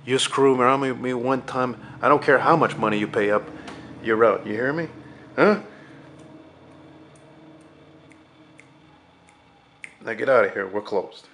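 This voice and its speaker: Brief: man doing a bullying old junkyard boss, loud and barking, gruff low edge. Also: steady tone, brisk, a little hiss or hum. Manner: barking, scolding, swearing.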